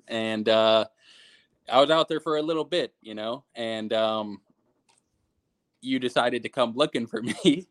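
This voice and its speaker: A young man speaking as a podcast guest. He talks at a middle pitch, hesitating and laughing softly as he recounts a story. The sound is dry and close. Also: no echo. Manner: hesitant, many fillers, laughs while recalling. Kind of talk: casual chat.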